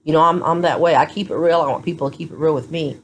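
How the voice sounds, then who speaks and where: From a hospital room, a low-voiced woman talks casually to her phone camera, sounding worn out. She speaks quickly and shares her story with blunt candor, like a vlogger keeping it real, over a faint hiss or hum.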